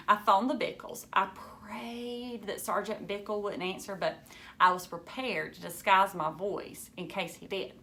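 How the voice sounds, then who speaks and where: A woman reading a novel aloud to a class, expressive, stopping now and then to comment and laugh. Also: mid-range voice.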